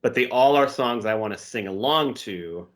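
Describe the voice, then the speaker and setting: A man co-hosting a podcast in casual chat, talking about songs with enthusiasm and drifting softer as he muses. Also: medium pitch, lively intonation, normal speed. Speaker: podcast co-host.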